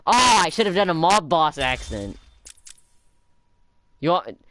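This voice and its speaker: A man's voice: on the high side, very animated, unhurried, bright, forceful tone, a little hiss or hum. A man streaming a video game who chats with viewers and makes sarcastic jokes between passages he reads aloud. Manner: joking, chats back to viewers; sarcastic asides. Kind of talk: casual let's-play commentary, reading game bios aloud.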